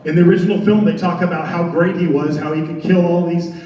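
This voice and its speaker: A man with a high voice presents at a convention panel, describing a haunted attraction with playful, animated humor. He is recorded from a distance inside a huge, reverberant convention hall, where his voice echoes heavily. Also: fast. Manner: animated, joking storyteller. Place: large convention center hall.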